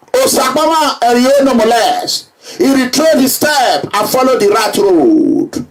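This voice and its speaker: A Nigerian man giving an emphatic public address, repeating himself and breaking into shouts. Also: very high voice, lively intonation, slow pace, distant mic, noisy background. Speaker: political speaker.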